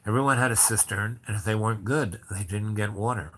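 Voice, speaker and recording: A man's voice: lowish voice, fairly quick, fairly bright tone, slightly rough. A man telling a long personal story in a casual, rambling way, acting out the dialogue. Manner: rambling, acts out dialogue with voices.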